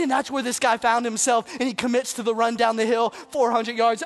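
A preacher giving a dramatic sermon that swings between loud passages and hushed asides, with faint music behind. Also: high voice, little pitch movement, brisk, few pauses.

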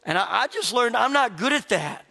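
A man with a high, bright, ringing voice preaches a sermon from the pulpit. He tells stories with lively energy and slips into other people's voices. His words ring out with a long reverb in the church. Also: normal speed, gravelly. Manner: animated storytelling, acts out quoted voices. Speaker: pastor.

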